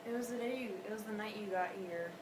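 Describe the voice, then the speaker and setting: A young woman chatting casually, with quiet, brief remarks from away from the mic. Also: mid-range voice, quick pace, slight background noise. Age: young adult. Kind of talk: casual chat.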